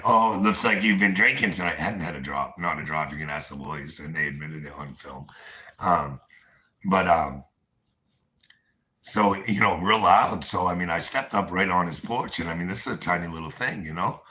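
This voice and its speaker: Brief: low, forceful-voiced man doing a rambling, profane livestream rant, boastful, chuckling, talking to viewers. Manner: talks straight to viewers. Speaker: livestream host.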